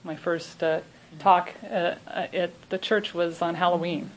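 A woman's voice: fairly low pitch, steady tone, a little slow, slight background noise, poor audio. A middle-aged woman with a Southern US accent, a minister giving an informal, chatty talk to her congregation. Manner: chatty, laughing, many restarts.

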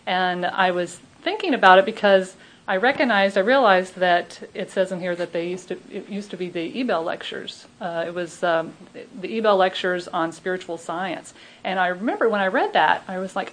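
A woman's voice: fairly low pitch, rough recording. A middle-aged woman with a Southern US accent, a minister giving an informal, chatty talk to her congregation. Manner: chatty, laughing, many restarts.

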